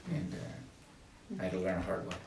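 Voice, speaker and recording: A man's voice: quick pace, echoey room, recorded from a distance, noisy background. An older man giving a testimony talk to a small group, earnest and preacherly, repeating his key phrases. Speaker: ministry speaker.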